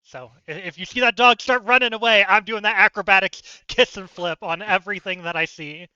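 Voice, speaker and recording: Playful woman player, bright sharp voice, jokes and laughs, dry muffled mic. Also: mid-range voice, smooth, no echo. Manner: playful, joking, quick to laugh. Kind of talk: casual tabletop game play.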